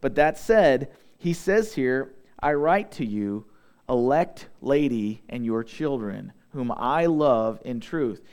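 A young adult man preaching a sermon, reading scripture aloud and slowing down to stress key words. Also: mid-range voice, lively intonation, darkish tone, clean tone. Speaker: pastor.

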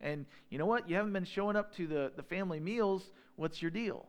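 A man's voice: high-pitched, a little fast, smooth, lightly acted. A man preaching, putting on the voice of a worried mother nagging her son. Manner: fretful, nagging.

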